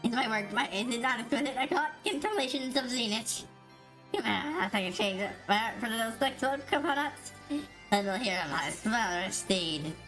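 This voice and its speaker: A woman's voice: a little high, lively intonation, moderate pace, fairly bright tone, soft background music. A woman voicing a female video game character in cutscene dialogue.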